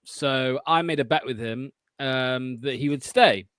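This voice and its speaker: A man chatting casually on a stream, halting and repeating words as he goes. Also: medium pitch, fairly bright tone, smooth, dry recording. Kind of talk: casual chat.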